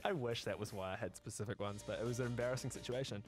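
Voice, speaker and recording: A man's voice: mid-range voice, racing, music in the background. A man hosting a podcast, telling stories in a wry, self-deprecating way. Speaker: podcast host. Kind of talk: casual podcast chat.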